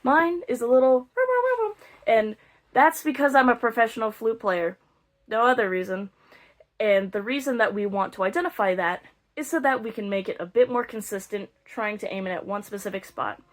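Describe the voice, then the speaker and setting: A woman's voice: medium pitch, fairly quick. A young woman teaching beginner flute, explaining step by step with playful, self-mocking jokes. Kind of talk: casual instructional video.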